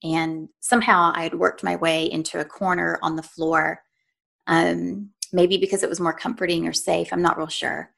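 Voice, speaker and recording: A woman speaks as a podcast guest, recounting a personal story in an earnest, conversational way. Her voice sits on the low side, with a gravelly fry running through it. She often acts out her own inner dialogue and turns to the listener with "right?". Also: little pitch movement, moderate pace, fairly bright tone. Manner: frequent "right?" and "you know" asides to the listener. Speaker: podcast guest, nutritionist and life coach.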